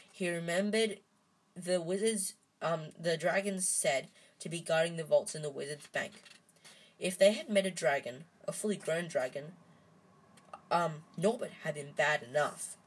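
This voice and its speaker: A woman's voice: low voice, measured pace, breathy edge, poor audio. A woman reading a storybook aloud in an unpolished way, stumbling and restarting often. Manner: unpolished, frequent restarts and ums.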